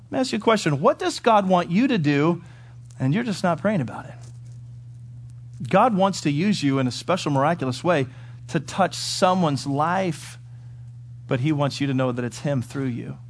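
Male pastor, mid-high voice, animated, rhetorical questions to the congregation, big swings between loud and quiet. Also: moderate pace. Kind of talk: sermon.

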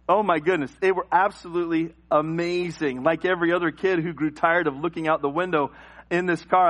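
A man preaching a sermon in church, telling a lively personal story and acting out the voices in it. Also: sits high. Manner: animated storyteller who acts out voices. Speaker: pastor.

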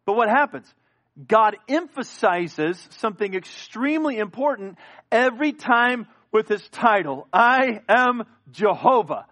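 A man preaching a sermon. He swings from quiet, hushed lines to rising, emphatic declarations. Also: sits high, expressive, unhurried. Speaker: pastor.

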